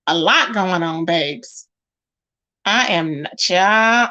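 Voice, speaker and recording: A woman hosting a casual online chat. She talks in a sassy, animated way and calls her listeners child and baby. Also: medium pitch, normal speed, lo-fi sound. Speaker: YouTube commentary host. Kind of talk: casual chat to a live audience.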